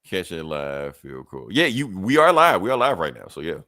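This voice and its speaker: A male podcast co-host who rambles and swears freely, his pitch swinging lively up and down. He sounds dry and close to the mic, with no room sound. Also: a little fast, no room sound. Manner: loose, profane and rambling, with lots of fillers. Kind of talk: casual chat.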